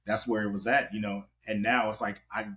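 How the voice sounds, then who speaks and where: A man, a wedding photographer, telling stories in a casual, animated interview. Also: fairly low pitch, fairly quick. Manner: animated, hustling storyteller. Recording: dull lo-fi audio.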